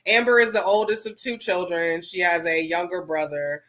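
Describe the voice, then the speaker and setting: A podcast co-host with a bright, sharp tone talks in an informal, chatty way. They lean heavily on fillers. The pitch sits in a mid range. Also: fairly even intonation, moderate pace. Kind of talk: casual chat.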